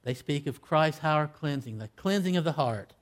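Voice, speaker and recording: A male preacher with a slightly raised pitch delivers an impassioned sermon. He climbs to loud, emphatic peaks, then drops to hushed, low endings, and voices quoted scripture in old-fashioned wording. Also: expressive, normal speed.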